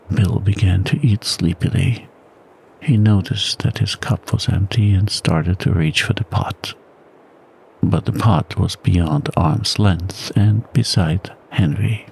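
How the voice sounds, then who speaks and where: A man narrating a bedtime story in a calm, soft-spoken ASMR reading style. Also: deep voice, slow, creaky. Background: blizzard wind sound.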